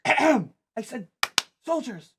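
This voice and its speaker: A man's voice: a little high, lively intonation, unhurried, background noise. A man voicing an eager, bossy young princess girl who talks very officially in a tabletop game.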